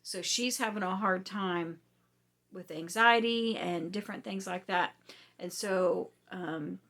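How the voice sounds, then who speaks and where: A woman hosting a casual book review, chatty and rambling with many ums, her voice going hoarse. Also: medium pitch, slow pace, a bit bright. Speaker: book reviewer, channel host.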